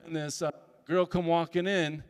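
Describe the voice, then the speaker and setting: A man telling a personal story at a summit, lively and acting out the dialogue as he goes. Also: on the high side, normal speed, clean tone. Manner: animated, acts out dialogue in the story. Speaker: speaker at a summit. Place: conference hall. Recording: long hall reverb.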